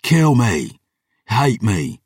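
A man's voice: fairly low pitch, wildly swooping pitch, very slow, breathy edge, no room sound, clean studio sound, exaggerated voice. A man voicing a cruel, bitter young male lordling in an audiobook, with a taunting, sneering manner. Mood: roaring taunts.

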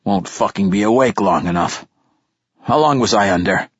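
A crude, grouchy ancient poet, put on by a male audiobook narrator, mumbling his complaints in a rasping rumble. The voice sits deep and husky. The recording is dry and slightly dull. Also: normal speed, no echo. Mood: grumbling. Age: older. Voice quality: rasping, profane grumble. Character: ancient foul-mouthed cranky male poet. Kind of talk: audiobook character voice.

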